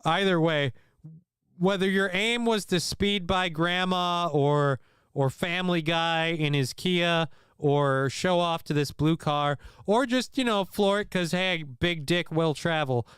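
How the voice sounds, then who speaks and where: A man's voice: fairly high pitch, slow, a bit bright, smooth, dry recording, clean studio sound. A man hosting a casual livestream, rambling with crude jokes and self-deprecating asides while feeling unwell. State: unwell after vomiting. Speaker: livestream host. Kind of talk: casual live commentary.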